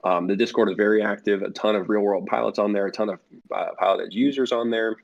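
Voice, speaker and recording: A man's voice: lowish voice, fairly even intonation, quick pace, gravelly. A man speaking as a guest for a flight sim network in a casual podcast interview, rambling with many fillers and restarts. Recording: dull lo-fi audio.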